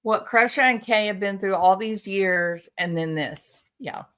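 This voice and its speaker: A woman with a mid-range, clear, resonant voice and a fairly bright tone hosts a commentary stream, speaking a little slowly. Outraged and sarcastic, she gives an indignant monologue addressed straight to her subject.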